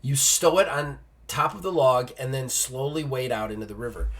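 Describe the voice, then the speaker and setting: A man with a bright, forward voice reads a gamebook aloud as host of a solo play-through. He breaks off now and then for loose, joking asides. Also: mid-range voice, normal speed. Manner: reads text then jokes in casual asides.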